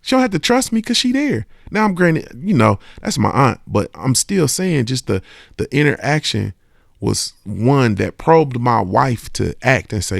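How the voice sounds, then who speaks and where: Gravelly man ranting on a podcast. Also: mid-range voice, very animated, unhurried, dry recording, clean studio sound. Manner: emphatic, profane, keeps asking "you understand what I'm saying". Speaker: podcast host. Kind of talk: casual podcast monologue.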